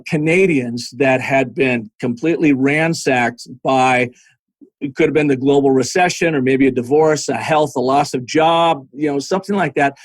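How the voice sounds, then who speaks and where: A man guest on a podcast, telling business anecdotes in a lively conversational way, now and then laughing. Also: on the high side, dry recording. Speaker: podcast guest, storytelling strategist. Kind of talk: conversational storytelling.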